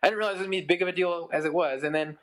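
A very fast talker with a high voice, this thirty-something musician rambles through a long story in a casual podcast chat. He's the guest, saying "like" constantly and animatedly acting out the quotes.

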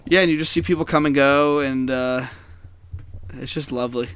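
A man's voice: medium pitch, steady tone, normal speed, a bit bright, clean tone. A young man hosting a casual podcast chat with friends at a campsite, rambling and joking, sometimes mimicking others. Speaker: podcast host. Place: camper van at a campsite.

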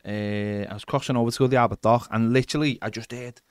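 Male podcast co-host, mid-pitched, chatty storyteller, dry close mic. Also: fairly even intonation, quick pace, dry recording. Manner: rambling anecdotes with acted quotes. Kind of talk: casual storytelling chat.

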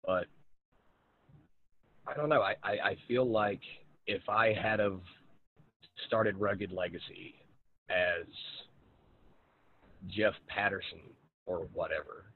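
A man hosting a podcast, talking with a guest in a relaxed, frank, friendly way. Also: on the low side, takes it slowly, pauses often, breathy edge. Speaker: podcast host. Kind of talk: casual conversational interview. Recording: tinny phone-like line with faint hiss.

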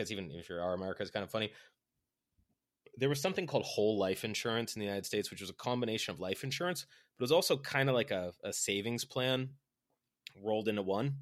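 Man, lowish voice, rapid rambling podcast chat, dry close mic. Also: no room sound. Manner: rambling, with many "right?" and "like" fillers; acts out quoted voices with big pitch jumps. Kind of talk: casual chat.

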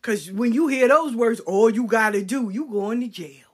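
A middle-aged woman talks straight to her listeners, spinning stories from her own life. Her talk is blunt and full of swearing, and she tells it with lively energy. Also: fairly high pitch, moderate pace, slightly rough. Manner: blunt, profane, animated storytelling. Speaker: talk show host. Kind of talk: casual storytelling chat.

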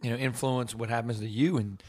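A man chatting as a guest on a podcast, joking and quick. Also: mid-range voice, steady tone, a little mellow, no room sound. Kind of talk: casual chat.

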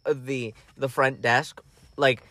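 A young man co-hosting a podcast, telling stories casually, with lots of laughter and loud acted-out quotes. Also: slow, no room sound. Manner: animated, acts out quotes in loud high voices, laughs often. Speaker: podcast co-host. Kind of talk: casual storytelling chat.

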